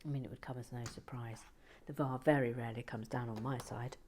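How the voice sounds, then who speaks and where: A woman hosting a relaxing building video, talking softly with dry teasing humour, often close to a whisper, on a close mic. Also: extremely low pitch, fairly even intonation, fairly quick, a little hiss or hum. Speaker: host.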